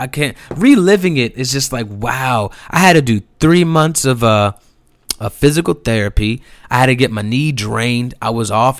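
A young man with a mid-range voice, recorded dry, tells a personal story in a casual, slangy, profane way. He's animated and acts out the people involved.

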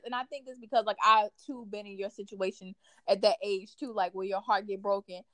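A young adult woman hosting a casual chat, telling stories in an animated way with plenty of "like". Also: a little high, fairly quick, no room sound. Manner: animated storyteller, fills talk with "like". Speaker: podcast host.

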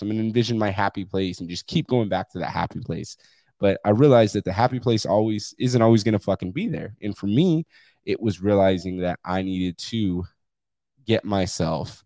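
Blunt, profane man with a deep voice. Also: moderate pace, darkish tone, dry recording. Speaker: podcast host. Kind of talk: candid solo podcast monologue.

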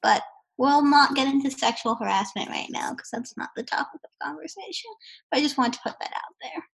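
A woman's voice: sits high, brisk, gravelly, a bit bright, poor audio. A young woman on a college podcast panel, speaking directly in casual discussion.

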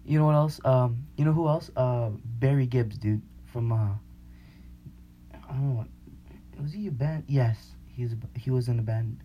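A man's voice: medium pitch, normal speed, dark tone, a little hiss or hum. A young man hosting a podcast in casual chat, slangy and rambling, often laughing. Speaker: podcast host.

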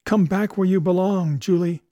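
A man playing an old theatre hand who speaks with loud, ardent conviction. The tone stays mellow and dark, and the recording is dry. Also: high voice, measured pace, dry recording, voice pushed up. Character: old male theatre veteran, ardent and gruff.

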